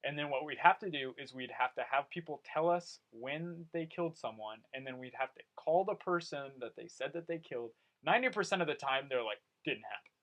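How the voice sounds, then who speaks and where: Young male podcast host, animated and casual, with a slightly higher pitch. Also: a little fast, hardly any pauses, rough recording. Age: young adult. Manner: animated storyteller, swears casually. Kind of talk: casual chat.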